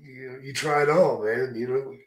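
A man's voice: medium pitch, steady tone, a little slow. A man hosting a podcast in a casual interview, talking bluntly and swearing freely with strong opinions. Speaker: podcast host. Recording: roomy echo.

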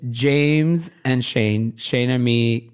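A man's voice: mid-range voice, very slow, clean tone. A man from Brooklyn chats in a candid, rambling way, his sentences full of fillers and restarts. He laughs easily and turns emotional when he talks about home. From Brooklyn, New York. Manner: gets emotional, laughs often. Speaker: fashion designer guest. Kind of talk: casual interview chat.

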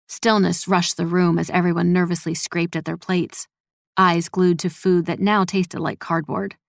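A woman reading a story as a scripted narration in an even, measured manner. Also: fairly low pitch, creaky, no room sound, clean studio sound. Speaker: audiobook narrator.

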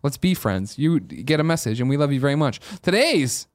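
A man's voice: a little high, fast talker. A man co-hosting a gaming podcast in casual, rambling chat, swearing freely. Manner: rambling, profane, animated. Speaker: podcast co-host.

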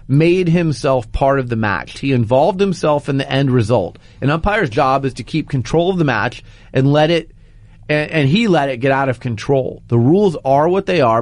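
A man hosting a sports talk show, laying out his opinions in an animated, argumentative way. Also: mid-range voice, dry recording.

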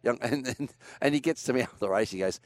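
Animated Australian man telling stories. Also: medium pitch, fast, no echo. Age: older. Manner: animated storyteller, acts out quotes with laughs. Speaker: co-host, former racing driver. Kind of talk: casual chat.

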